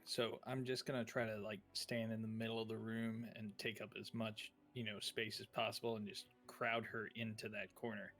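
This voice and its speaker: A man playing a tabletop game, rambling casually and playfully, now and then dropping into quick in-character lines. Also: lowish voice, flat delivery, a bit bright, faint music behind. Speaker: player.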